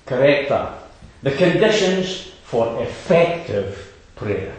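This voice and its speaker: A man delivers a sermon in an unhurried, lively voice that rises and falls. He stresses his points and drops short asides to the listeners. His voice rings with heavy echo in a church hall. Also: medium pitch. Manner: emphatic, with rhetorical asides. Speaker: preacher.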